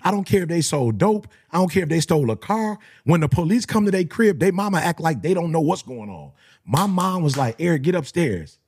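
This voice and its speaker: A man's voice: fairly quick, husky. A middle-aged man, a motivational speaker who tells stories in slangy talk and acts out other people's voices. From Detroit area. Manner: animated, slangy, acts out voices with big pitch jumps. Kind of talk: storytelling talk.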